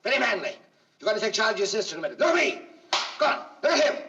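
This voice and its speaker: A man coaches child actors on a film set, alternating gentle coaxing with rapid, insistent cues. His voice sits somewhat high for a man. He is heard from a distance through a dull, hissy archival recording. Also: big pitch swings, gravelly. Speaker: film director.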